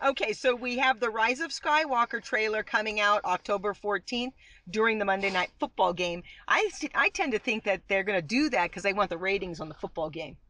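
A woman's voice: medium pitch, brisk, pushed and bright, poor audio. A woman hosting a podcast, chatting casually as she reads out fan news items. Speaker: podcast host.

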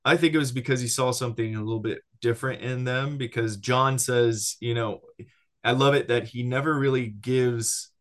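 An adult man with a child teaches about discipleship in a loose, conversational way at normal speed. He's animated, often restarting sentences and checking in with "right?", and his pitch sits in an ordinary middle range.

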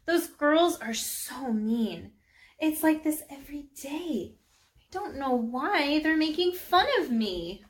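A woman's voice: on the high side, lively intonation, unhurried, a bit bright. A woman voicing a shy, hurt young schoolgirl in a storybook read-aloud, speaking earnestly a little above her own voice. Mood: doubtful, pleading.

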